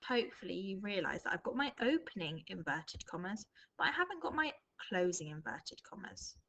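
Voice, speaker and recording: A woman's voice: medium pitch, sing-song, vocal fry, a bit bright, poor audio. Woman teaching a writing lesson. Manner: thinks aloud, reads example sentences slowly and expressively. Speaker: primary school teacher. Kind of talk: recorded remote writing lesson.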